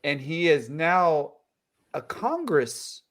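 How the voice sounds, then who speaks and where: Higher-voiced man riffing on a podcast. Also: very animated, slow pace, fairly bright tone. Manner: rambling, profane riffing. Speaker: podcast co-host. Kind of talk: casual chat.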